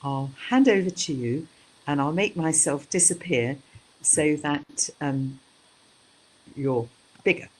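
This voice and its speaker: A woman's voice: sits low, animated, slow pace, long pauses, rough recording. A woman from the United Kingdom introducing speakers at an online event, polite and hesitant with many ums. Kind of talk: formal introduction.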